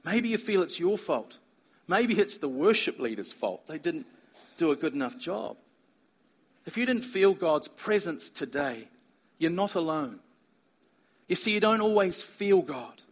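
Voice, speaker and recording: Man, high voice, earnest sermon, emphatic preaching. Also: big pitch swings, unhurried, pauses often, slightly rough. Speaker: pastor.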